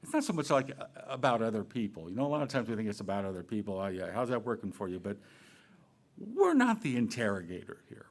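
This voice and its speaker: A male minister speaking in a casual, conversational way. His pitch swings up and down a lot as he moves between questions, playful asides and gentle points. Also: very animated, fast talker. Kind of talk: sermon.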